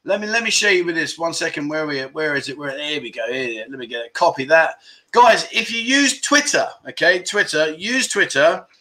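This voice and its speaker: A man's voice: on the high side, lively intonation, moderate pace, bright, forceful tone. A man hosting a casual livestream, chatty and jokey, bantering with viewers and reading out their comments in slangy, easygoing talk. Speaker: livestream host.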